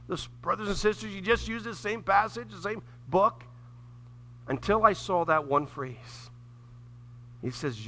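A man preaching a sermon as pastor, swinging between loud emphatic passages and hushed near-whispers, repeating phrases for emphasis. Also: high-pitched, measured pace, long pauses, a little hiss or hum.

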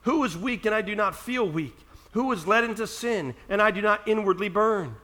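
A man preaching a sermon, walking through scripture and reading passages aloud with slow emphasis. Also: high voice, animated, bright, forceful tone. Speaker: pastor.

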